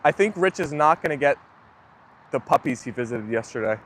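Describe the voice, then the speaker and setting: A man's voice: mid-range voice, fairly quick, slight background noise. A young man hosting a livestream, chatting casually and answering viewer comments as they come in. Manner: relaxed, chatty, often agreeing with viewers. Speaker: livestream host.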